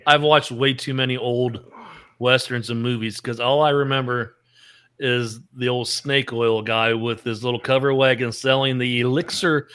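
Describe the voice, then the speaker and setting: A man co-hosting a rowdy talk show, trading jokes and folksy stories with a ready laugh. His voice sits in a middle pitch and has a bright, forceful edge. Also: fairly even intonation, moderate pace, clear, resonant tone. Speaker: podcast co-host. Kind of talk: casual chat.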